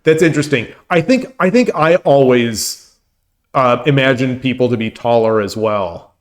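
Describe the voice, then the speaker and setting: A man's voice: mid-range voice, lively intonation, moderate pace. A man hosting his own stream and chatting casually with viewers, rambling and laughing as he talks. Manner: rambling, full of restarts and laughter. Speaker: streamer and host.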